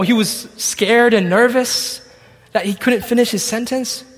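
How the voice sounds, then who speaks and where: With an extremely high pitch and a big-room sound, a man preaches a sermon, expounding on scripture as he reads it aloud and acts out its dialogue.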